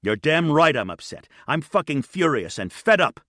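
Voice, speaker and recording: A man voicing an angry, resentful young male copilot who shouts in a harsh, impatient way. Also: fairly high pitch, sing-song, normal speed, no echo, studio quality, voice pushed up. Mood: furious.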